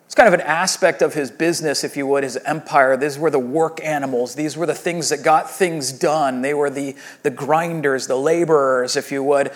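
A male pastor preaching in an easy, talky way, slipping into little voiced quotes as he retells the story. His voice sits a touch higher than most men's. He sounds like he is chatting with his congregation more than lecturing them. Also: moderate pace. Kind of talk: sermon.

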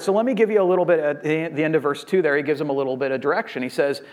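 A man with a slightly higher voice than most delivers a Sunday sermon. He talks it through conversationally, paraphrasing the scripture story in everyday words as though chatting with his congregation. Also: racing, hardly any pauses, darkish tone. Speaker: pastor.

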